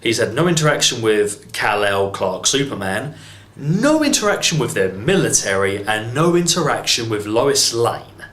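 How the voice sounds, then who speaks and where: A man's voice: medium pitch, very animated, moderate pace, a bit bright, reverberant. An English man reviewing a film in an exasperated, sarcastic rant, swearing freely. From England. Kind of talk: ranting movie review.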